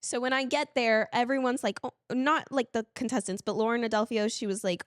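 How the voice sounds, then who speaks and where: A woman's voice: on the high side, quick pace, hardly any pauses, dry recording, clean studio sound. A woman co-hosting a podcast, telling a story animatedly and laughing, squealing when she quotes herself. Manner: laughs while telling stories. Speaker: podcast co-host. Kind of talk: casual chat.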